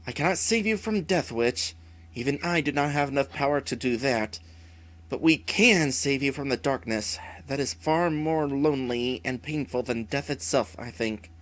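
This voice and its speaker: A man reading as a calm, gentle young hero. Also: mid-range voice, natural voice. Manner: calm, measured, earnest.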